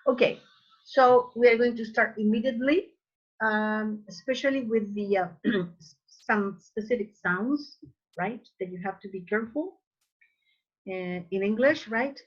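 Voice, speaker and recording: Slow, husky-voiced woman teaching English. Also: mid-range voice, highs cut off. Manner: demonstrates sounds slowly, repeating words. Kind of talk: online class lesson.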